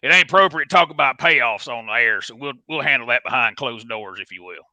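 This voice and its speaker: A man's voice: medium pitch, animated, a little fast, pushed and bright, no echo, poor audio. A man with a folksy, rambling, slangy way of talking, doing a comedic bit as a wrestling promoter. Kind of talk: comedic in-character call-in.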